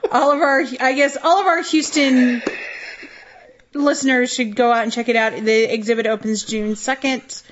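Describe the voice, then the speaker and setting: A woman's voice: on the high side, steady tone, moderate pace, dull audio, slight background noise. A woman co-hosting a podcast in casual chat, matter-of-fact with frequent ums. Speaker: podcast co-host.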